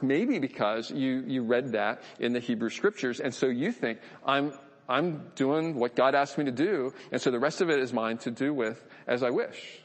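A man's voice: medium pitch, long reverb tail. A man giving a conversational, earnest sermon, often repeating words as he thinks aloud. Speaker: pastor.

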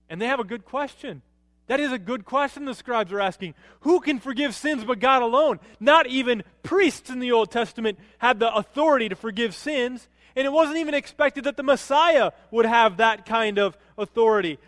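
A man preaching a sermon as a pastor, animated, rising to emphatic peaks and dropping low to quote. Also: normal speed, no room sound, clean studio sound, long reverb tail.

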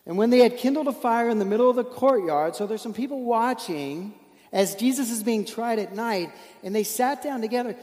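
A man's voice: very high voice, lively intonation, a little fast, a little mellow, big-room sound. A man preaching a sermon, telling a story earnestly and building with emotion through rhetorical questions.

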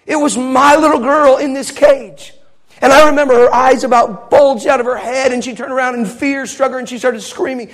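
A man's voice: very high-pitched, steady tone, moderate pace. A man preaching a sermon, telling a story with great passion. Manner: impassioned storytelling.

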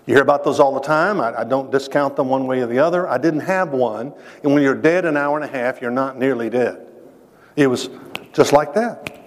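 Speaking fairly quickly in a mid-range voice, this man offers a sermon-like testimony that is earnest and emphatic, talking straight to his audience. A long reverb from the hall trails his words.

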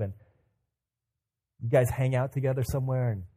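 A man's voice: mid-range voice, level tone, a little fast, pauses often, dark tone. A man preaching a sermon in a conversational way, acting out inner thoughts as he tells stories. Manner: conversational, with many fillers and repeats.

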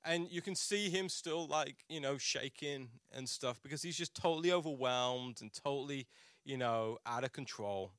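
A man's voice: medium pitch, normal speed, a bit bright, no echo, studio quality. A man preaching a sermon as a pastor, telling a personal story in a chatty, self-mocking way with frequent restarts.

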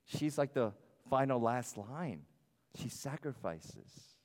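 Male pastor, lively sermon delivery, mid-pitched voice, long hall reverb. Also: slow pace. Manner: animated, varies loudness, acts out quoted voices. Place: church sanctuary.

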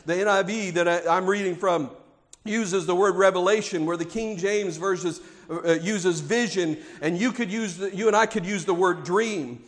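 A man's voice: high-pitched, normal speed. A male pastor delivering a sermon in an emphatic, repetitive preaching cadence.

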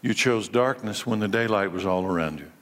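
Man preaching in a reverberant hall. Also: brisk. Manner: impassioned preaching, surges high and loud then drops low and quiet. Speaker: pastor. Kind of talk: sermon.

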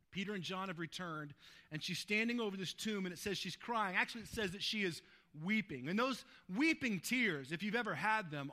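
Man, sermon, bright tense voice, informal preaching. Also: high-pitched. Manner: informal, asks "right?" to the listeners. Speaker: pastor. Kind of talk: conversational sermon.

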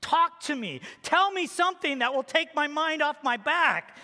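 Man doing a worried wife stuck on the floor, pleading, a little higher, echoey hall. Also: moderate pace, sharp tone, heavily acted. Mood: anxious.

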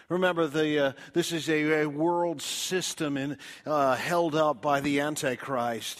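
A man preaching a sermon, calling his listeners friends and swinging between loud emphatic lines and soft, quiet drops. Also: medium pitch. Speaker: pastor.

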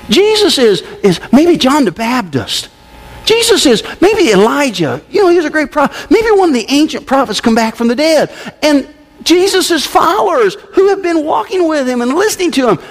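High, lively-voiced preacher man. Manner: emphatic preaching, with sudden swings between loud and hushed. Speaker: pastor. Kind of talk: sermon. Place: church service.

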